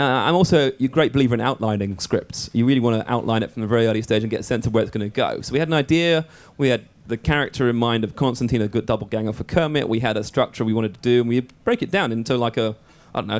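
A man's voice: mid-range voice, fast talker, hardly any pauses. A man speaking as a writer guest at a live Q&A, chatty and explanatory. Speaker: screenwriter and director guest. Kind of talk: casual panel Q&A. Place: event hall with live audience.

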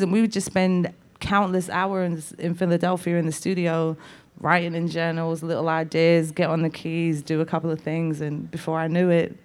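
A woman with a Liverpool accent, telling animated stories about her songwriting career in a casual interview. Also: low voice, moderate pace. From England. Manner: animated, lively storyteller with laughs. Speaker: songwriter guest.

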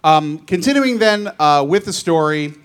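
A man's voice: fairly high pitch, lively intonation, unhurried, clear, resonant tone. An American man hosting an interview on stage, joking, enthusiastic and fumbling the starts of his sentences. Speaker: host.

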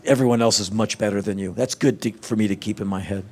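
A man speaking on a film panel, telling stories in an animated, casual way. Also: on the low side, fast talker, breathy edge. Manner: animated, acts out quotes. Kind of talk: casual storytelling.

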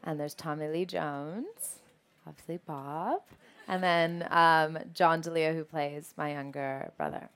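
A young woman, an actress, telling animated stories in an interview and laughing often. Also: low-pitched, unhurried, clear, resonant tone. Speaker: actress and guest. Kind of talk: anecdotal interview chat.

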